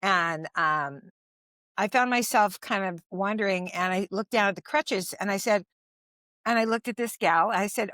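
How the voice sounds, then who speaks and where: This is an older woman in her sixties, a longtime comic, telling stories on a podcast. She talks in loose, meandering sentences full of fillers and restarts. Her voice sits in an ordinary middle pitch, and the room sound is dry and close. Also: moderate pace, a bit bright, no room sound. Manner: rambling, frequent restarts and fillers. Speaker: stand-up comedian guest. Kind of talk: casual anecdotal storytelling.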